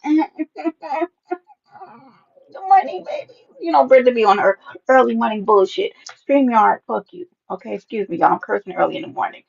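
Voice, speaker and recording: A woman hosting a casual live stream, sassy and animated, greeting viewers by name and often jumping into a high playful voice. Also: creaky, slightly rough. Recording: dull lo-fi stream audio.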